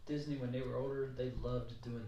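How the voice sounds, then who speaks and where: A middle-aged man hosting a podcast, talking in a rambling, animated way with jokey asides. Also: mid-range voice, fast talker, recorded from a distance, muffled recording. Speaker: podcast host. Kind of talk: casual interview chat. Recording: roomy, from off mic.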